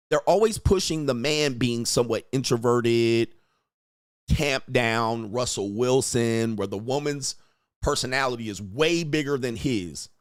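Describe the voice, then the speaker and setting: A man's voice: medium pitch, no echo, studio quality. A man hosting his own stream, giving blunt, mocking commentary while reacting to a clip. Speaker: host.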